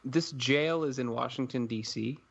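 A man's voice: mid-range voice, moderate pace, vocal fry, muffled recording. A man co-hosting a casual podcast, asking questions and making quips. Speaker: podcast co-host. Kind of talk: casual chat.

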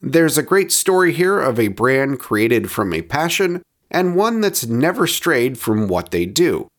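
Lively-voiced man reviewing spirits. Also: mid-range voice, a little slow. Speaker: podcast host reviewing spirits. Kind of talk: scripted review narration.

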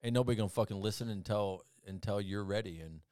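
A man's voice: fairly low pitch, fast, darkish tone, smooth, no room sound. A man, a podcast guest, telling rambling stories in casual talk, swearing often and acting out the people he quotes. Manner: profane, rambling, with restarts; acts out quoted people with big jumps in voice. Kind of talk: casual storytelling.

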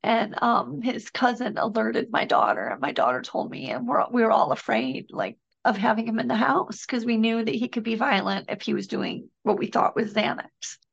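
Podcast guest: middle-aged woman, earnest and halting, raspy-edged high voice, muffled remote recording. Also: expressive. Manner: earnest, halting, emotional recounting. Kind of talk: personal storytelling in a conversation.

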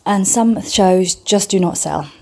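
A woman's voice: mid-range voice, takes it slowly, a little mellow, slightly rough. A woman in her thirties from England, a comedian chatting casually and swearing freely in a vlog filmed on her phone. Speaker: comedian and vlogger. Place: home kitchen and seaside beach.

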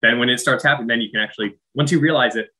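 Bright-voiced man chatting thoughtfully. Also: medium pitch, racing, rough recording. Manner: thoughtful, hesitant, many uhs. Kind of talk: casual chat.

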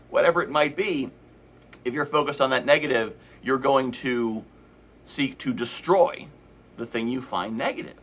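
Guy giving his team a pep talk, bright kinda husky voice, earnest and chatty. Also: a little high. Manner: earnest, conversational, acts out inner voices. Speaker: team leader giving an update.

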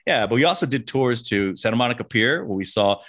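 A middle-aged man co-hosting a podcast, telling stories in casual chat with quick restarts. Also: medium pitch. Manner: animated storyteller, quick restarts. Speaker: podcast co-host.

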